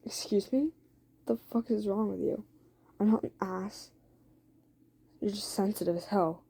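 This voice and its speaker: A woman's voice: mid-range voice, steady tone, a little slow, creaky, husky. A woman doing a rude, sneering teen boyfriend. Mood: scornful. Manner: sneering, swearing, shouting at times. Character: angry, rude teen boyfriend who insults her.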